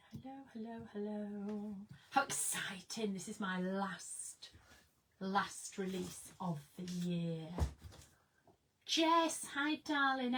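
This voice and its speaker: Woman, craft livestream, casual chat, giggly, unhurried, faint background hiss. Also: mid-range voice, low-quality recording. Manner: chatty, giggly, greets viewers by name. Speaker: craft live streamer. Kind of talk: casual live-stream chat. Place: craft studio indoors.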